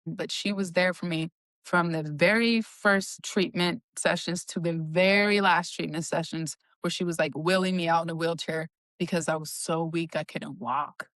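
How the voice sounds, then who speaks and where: A woman's voice: on the low side, fairly even intonation, normal speed, fairly bright tone, no echo. A young adult woman telling her own story with emotion, acting out the dialogue. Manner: emotional, retelling dialogue with "I was like". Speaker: cancer survivor guest. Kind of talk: personal storytelling.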